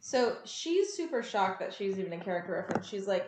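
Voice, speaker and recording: A chatty woman with a voice of middling pitch recaps a TV episode in casual podcast talk. She acts out the characters' lines in a lively way, and her voice rings a little in a roomy, echoing space. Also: brisk, few pauses. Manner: chatty, animated, acts out quotes. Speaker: podcast co-host. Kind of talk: casual chat recapping a show.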